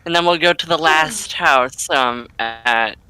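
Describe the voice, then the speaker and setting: A woman's voice: sits low, a little slow, sharp tone, faint music behind. A woman playing a tabletop game, blunt and teasing in casual chat. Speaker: player.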